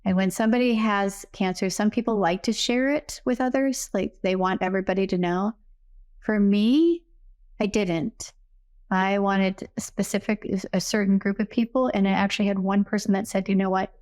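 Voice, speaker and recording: A woman's voice: medium pitch, steady tone, normal speed, darkish tone. A middle-aged woman, a guest on a podcast, telling a personal story in an earnest, conversational way and acting out the remembered dialogue. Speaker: podcast guest, psychic medium. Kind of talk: personal storytelling in a casual interview.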